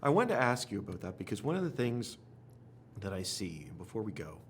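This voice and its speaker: A man interviewing a director, asking friendly, measured questions and affirming the answers. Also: on the low side, big pitch swings, a little hiss or hum.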